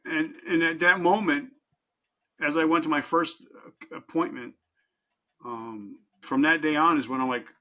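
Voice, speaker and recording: A middle-aged man telling his own story as a podcast guest, candid and intense, swinging from loud to hushed. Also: a little high, a little slow, pauses often. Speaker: podcast guest, life coach. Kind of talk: emotional personal storytelling.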